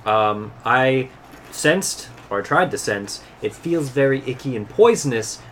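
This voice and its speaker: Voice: mid-range voice, animated, measured pace, fairly bright tone, a little hiss or hum. A player at a tabletop game who swears freely and jokes in an exasperated way.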